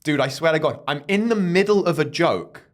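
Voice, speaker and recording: A man's voice: on the high side, a little fast. Young guy on a podcast, telling a comedy gig story, casual, does the voices. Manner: animated storyteller who mimics people in quotes. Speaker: stand-up comedian and podcast host.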